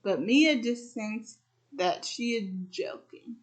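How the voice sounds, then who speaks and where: Woman, high pitch, unhurried, halting, restarts, casual plot recap. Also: lively intonation. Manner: halting, with many restarts and fillers. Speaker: book and movie reviewer.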